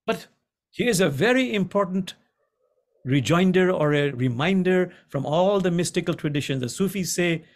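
A middle-aged man, an imam, giving a gentle contemplative teaching over a video call and repeating key lines slowly for emphasis. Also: high voice, lively intonation.

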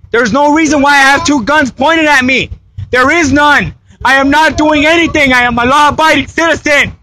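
A man from the United States, frightened and crying, insistently pleading and at times shouting during a tense confrontation. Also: very high-pitched, noisy background. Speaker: citizen confronted by police.

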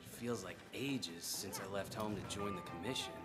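A man's voice: on the low side, moderate pace, fairly bright tone, husky, soft background music. An actor playing an eager young male hunter comrade, with friendly, upbeat video game dialogue.

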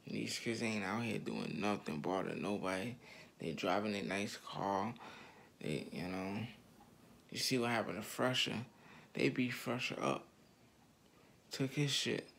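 A man with a low, gravelly voice rants at his viewers in loose street slang, circling back to the same points again and again. His tone is heated and blunt throughout. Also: lively intonation, a little slow, long pauses, fairly bright tone. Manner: heated, repetitive, slangy street talk addressed to "y'all". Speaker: online commentator. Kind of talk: ranting commentary to viewers.

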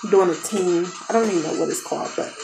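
A woman's voice: fairly low pitch, fast talker, vocal fry, mellow, soft background music. A woman in her thirties telling a rambling story in casual chat, with asides to her kids, in a noisy home. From United States. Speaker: family vlogger, mother. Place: home basement.

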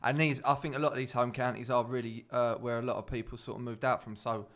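A man with an Essex accent chats as a comedian guest, rambling through anecdotes with plenty of "uh" and "you know". His voice is bright and forceful, at a middle pitch for a man. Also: level tone, quick pace. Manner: storytelling, rambling with fillers. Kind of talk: casual chat, anecdote.

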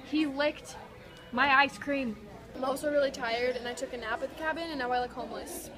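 A woman's voice: high-pitched, fairly even intonation, fairly quick. A young woman chatting casually in a vlog, giggly and talkative, filmed on her phone. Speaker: vlogger. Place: outdoors and in a car. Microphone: phone camera.

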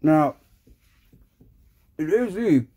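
A man's voice: on the high side, animated, drawn-out words, mellow, slightly rough. A man telling a crude comic story in a profane, rambling, slangy way. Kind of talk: crude comedic storytelling rant.

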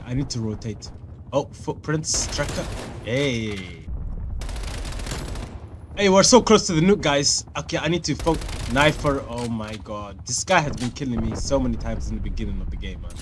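A young man giving live gameplay commentary, excitable and crude, trash-talking opponents and shouting at kills. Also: medium pitch, a little hiss or hum. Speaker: gaming YouTuber. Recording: faint music and gunfire behind. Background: game music and gunfire.

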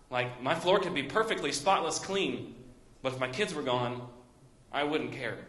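Young Midwestern pastor, rambling story-style sermon, mid-pitched, echoey church sound. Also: male voice, lively intonation, a little fast, fairly bright tone. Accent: Midwestern American. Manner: storytelling with many fillers and restarts. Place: church sanctuary.

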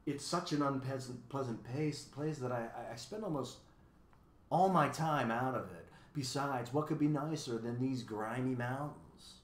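A man's voice: medium pitch, moderate pace, echoey room, a little hiss or hum, close to an everyday voice. A man doing a cackling word-snatching bird. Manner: cackling, gleeful, twists words.

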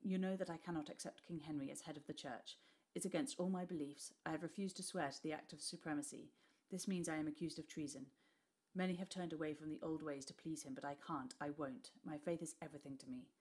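Woman reading as a scared grave father, lowered urgent voice, quiet and soft. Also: brisk, close to an everyday voice. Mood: urgent hushed. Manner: urgent, hushed, trembling. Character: frightened Tudor father, grave and weary.

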